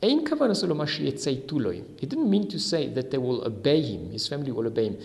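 A man's voice: medium pitch, very animated, quick pace, creaky, a little mellow, big-room sound. A man teaching a Talmud lesson with Ashkenazi Hebrew pronunciation, reading each Aramaic line and then explaining it in English. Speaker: Torah teacher.

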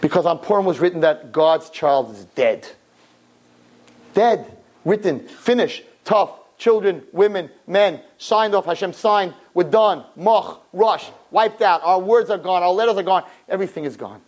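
A man giving an impassioned sermon to girls, swinging from low murmurs to high shouts and acting out dialogue. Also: animated, measured pace, poor audio. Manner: acts out dialogue in character voices. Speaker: religious teacher.

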